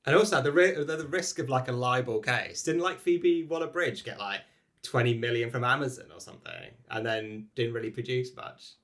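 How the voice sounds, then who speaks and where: A man riffs casually as a comedy panel guest. He rambles and drops lots of fillers, and his mid-pitched voice has a bright edge. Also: a little fast. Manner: laid-back, rambling, filled with "like".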